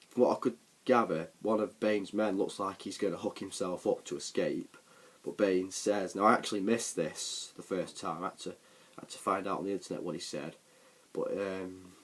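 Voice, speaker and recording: Here the vlogger's voice is deep and a little rough. He rambles through a casual recap of a film, constantly restarting and leaning on fillers and ums.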